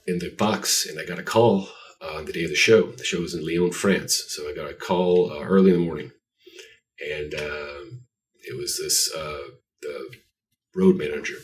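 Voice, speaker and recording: A man's voice: extremely low pitch, steady tone, normal speed. A man guest on a podcast interview, telling rambling, self-deprecating stories. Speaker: guest artist. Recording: voice distant from the mic.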